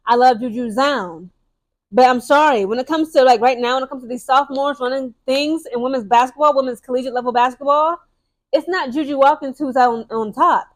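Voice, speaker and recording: High-voiced woman sports vlogger. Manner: emphatic, keeps tagging lines with "okay?" and "guys"; fast and chatty, restarts and repeats words. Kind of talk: casual opinionated sports commentary.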